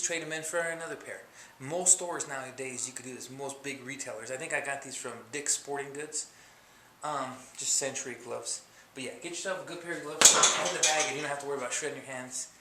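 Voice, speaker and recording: A man giving a casual, rambling how-to lesson on hitting a punching bag, full of fillers, sometimes talking through bursts of effort, recorded on a camera mic at a distance. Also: on the high side. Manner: rambling, loose, full of fillers and "you know". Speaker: amateur fitness instructor. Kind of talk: casual how-to video demonstration. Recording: echoey room with loud clattering noise.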